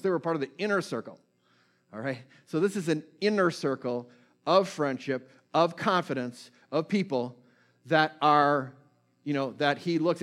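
A man's voice: on the high side, a bit bright. Conversational man preaching a sermon. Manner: conversational, checks in with listeners; retells scripture stories with feeling.

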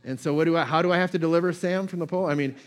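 A man's voice: fairly high pitch, very fast, a little hiss or hum. A male pastor giving a conversational sermon, repeating phrases and building emphasis with informal asides.

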